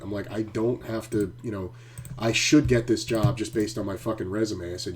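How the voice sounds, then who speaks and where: A man's voice: on the low side, steady tone, fast talker. A middle-aged man streaming poker from home, chatting casually and ranting with heavy swearing. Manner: profane, ranting storyteller. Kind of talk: casual live-stream chat.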